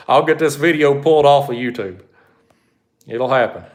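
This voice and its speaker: A man works through viewer questions on a live stream. He talks bluntly and folksily, wandering off on asides. His voice sits at an ordinary middle pitch. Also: takes it slowly. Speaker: fishing channel host.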